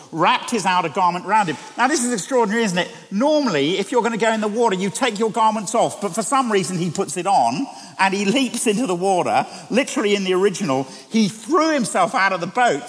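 A man preaching a sermon as a church staff member, chatty and conversational, asking the congregation rhetorical questions. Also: high voice. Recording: long church reverb.

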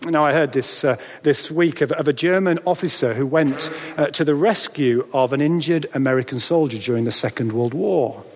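A man preaching a sermon in a church, dramatic, with rhetorical questions and pauses for effect. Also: on the high side. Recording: long reverb of a large hall.

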